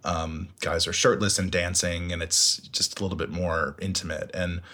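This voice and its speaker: Low-voiced man telling lively stories. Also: moderate pace. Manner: animated, laughing, acts out quotes. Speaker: guest. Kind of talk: casual storytelling interview.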